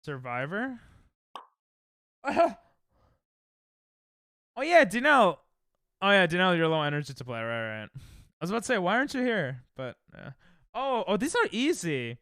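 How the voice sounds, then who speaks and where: A young man streaming casually, reacting excitably and thinking aloud while he plays, sounding tired. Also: sits high, measured pace, pauses often, no echo, studio quality. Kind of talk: casual live-stream chat while playing games.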